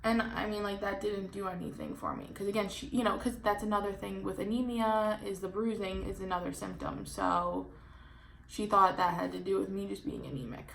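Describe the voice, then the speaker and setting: A young woman in her twenties tells a story for her vlog in a loose, chatty way, leaning on "like" and jumping between thoughts. Her mid-range voice has a gravelly fry to it, and a faint hiss sits under the recording. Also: medium pitch, brisk. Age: 20s. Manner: chatty, animated, many "like" fillers. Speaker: vlogger.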